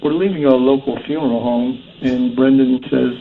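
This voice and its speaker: A man with a mid-pitched voice explains calmly and in a measured way. His voice comes through thin and phone-like with faint background hiss. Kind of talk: casual chat. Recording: tinny phone-like line with faint noise.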